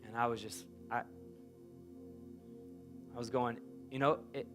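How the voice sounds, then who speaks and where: A man preaching a sermon as a pastor, emphatic and personal, swinging from loud urging to quiet confiding. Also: medium pitch, fairly even intonation, measured pace, long pauses, soft background music.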